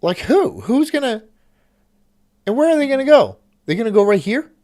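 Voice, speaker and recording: A man's voice: very high-pitched, sing-song, normal speed, darkish tone. A man hosting a stream, reacting casually with rambling, swearing asides. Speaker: streamer host.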